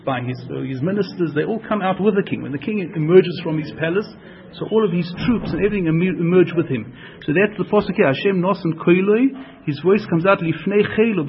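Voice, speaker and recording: Earnestly explaining a religious lesson, this male Torah teacher restates and rewords each point more than once. His voice is fairly high-pitched with vocal fry, and the recording sounds dull and lo-fi.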